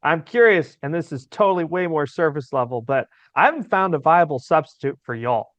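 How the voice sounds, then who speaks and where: A man's voice: fairly high pitch, animated, a little fast, a bit bright, no room sound. A man hosting a podcast, asking long, winding, curious questions in a casual way. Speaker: podcast host. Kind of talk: casual interview. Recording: dull lo-fi audio.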